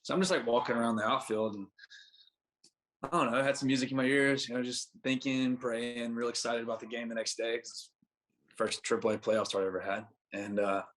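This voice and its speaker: Fast-talking young man telling a story. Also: mid-range voice, steady tone, a bit bright. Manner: rambling, filler-heavy anecdote with acted-out dialogue. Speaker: podcast guest, baseball pitcher. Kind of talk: casual storytelling.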